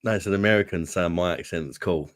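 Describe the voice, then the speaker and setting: A man's voice: deep voice, quick pace, no room sound, clean studio sound. A man from London with a London accent, hosting a beer livestream and bantering casually with viewers in laid-back, sweary chat. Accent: London English. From London, England. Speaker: host of a beer review livestream.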